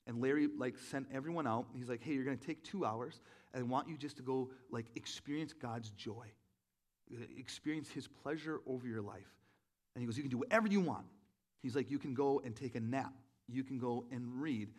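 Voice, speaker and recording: A man preaching a sermon in a relaxed, storytelling way, with many "like"s and restarts, poking fun at himself. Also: medium pitch, quick pace. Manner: conversational, self-deprecating storytelling with many fillers. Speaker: pastor.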